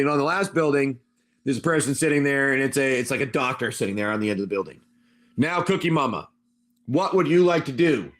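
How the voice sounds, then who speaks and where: Running a wasteland tabletop game on stream, this man narrates loosely, rambling through plenty of asides and addressing players by name. For a man his voice sits slightly high, with a fairly bright tone.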